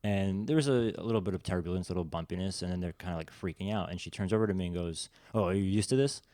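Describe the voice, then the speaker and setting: Fast-talking, low-voiced chatty man. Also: dark tone, no room sound. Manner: agreeable, chatty, quick to laugh. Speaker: podcast guest. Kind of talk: casual podcast chat.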